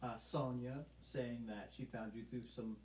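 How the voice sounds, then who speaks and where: A co-host reading chat messages aloud on a live stream, halting and full of fillers. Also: medium pitch, steady tone, darkish tone. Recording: distant roomy mic with faint hiss.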